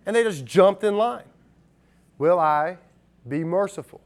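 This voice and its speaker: Middle-aged male pastor, slightly higher voice, chatty sermon delivery with acted-out asides. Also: animated, measured pace. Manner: conversational, acts out quotes in varied voices.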